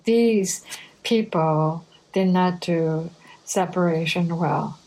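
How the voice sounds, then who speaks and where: A woman preaching a sermon, reading scripture in a measured, deliberate way. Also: on the low side, darkish tone, low-quality recording.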